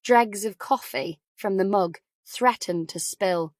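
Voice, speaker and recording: A woman reading a crime novel aloud, calm and even in her delivery. Her voice sits at a middle pitch, and the recording is dry and close. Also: takes it slowly, dry recording. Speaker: audiobook narrator. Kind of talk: quiet scripted audiobook narration.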